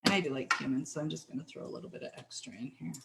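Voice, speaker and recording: A woman's voice: sits low, rapid-fire, gravelly, fairly bright tone, echoey room, a little hiss or hum, low-quality recording. A middle-aged Canadian woman hosting a casual cooking show from her kitchen, chatty and self-deprecating, apologizing often as she works. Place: home kitchen.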